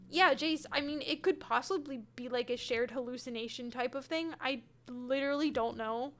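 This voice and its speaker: Talking at a normal speed with barely any pauses, this young woman has a high, slightly bright voice. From her home room with her cat, she plays a game on stream, reading chat, answering viewers by name, and hedging as she chats casually.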